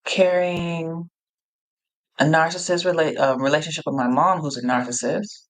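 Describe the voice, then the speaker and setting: A woman hosting a live-streamed Q&A, reading out chat replies in an energetic, encouraging way and often repeating herself. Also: deep voice, normal speed. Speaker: live Q&A host, coach.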